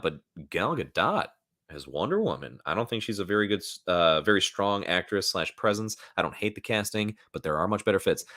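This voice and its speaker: A man's voice: deep voice, pushed and bright. A man hosting a casual live stream, rambling loosely, swearing now and then and reading out chat comments, into a new microphone at home. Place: at home, in front of a laptop.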